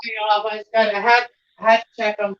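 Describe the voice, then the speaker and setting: A woman's voice: mid-range voice, level tone, normal speed, muffled recording. A woman hosting a casual home livestream, rambling and easily distracted while she bakes in her kitchen. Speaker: livestream host.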